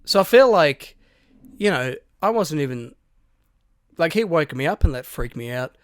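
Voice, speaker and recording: A man, co-hosting a podcast, telling a story in lively casual chat, swearing and acting out quotes. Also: on the high side, normal speed, no echo, studio quality. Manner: animated storyteller, swears a lot, acts out quotes. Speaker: podcast co-host.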